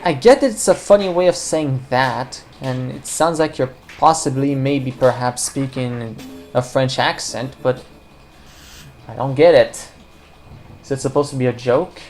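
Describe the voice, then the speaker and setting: A woman's voice: rumbling low, darkish tone, slight background noise. A woman casually commenting on a puzzle game as she plays, rambling and joking, talking to the viewers and the game characters. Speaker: let's play commentator.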